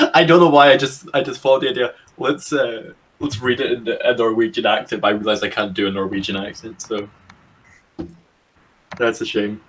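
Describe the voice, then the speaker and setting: Young brit guy running a podcast, rambly and sweary, normal middle pitch. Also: a bit bright. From Britain. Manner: rambling, swears, laughs easily. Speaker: podcast host. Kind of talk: casual chat over a voice call.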